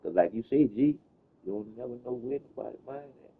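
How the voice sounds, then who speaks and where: A man's voice: mid-range voice, lively intonation, fairly quick, slightly rough. Man with a tinny phone-line sound. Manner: loose storytelling with slang and cursing. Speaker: host. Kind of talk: casual chat.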